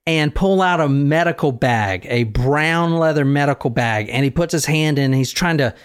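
Guy hosting a podcast, swearing and laughing through a story, kinda high voice for a man. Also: normal speed, clear, resonant tone. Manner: profane, animated storyteller who laughs often. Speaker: podcast host. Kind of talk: casual storytelling chat.

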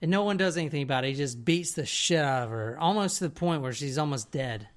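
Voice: medium pitch, expressive, fast. Rambling, profane casual storyteller. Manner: rambling, profane, keeps checking in with "right?". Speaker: podcast co-host telling a story.

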